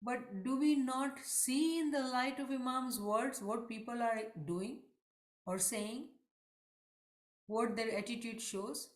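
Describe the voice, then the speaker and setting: A woman's voice: fairly high pitch, slow, roomy sound. A woman giving an online religious lesson, talking in an earnest, emphatic way and often asking rhetorical questions. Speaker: religious teacher.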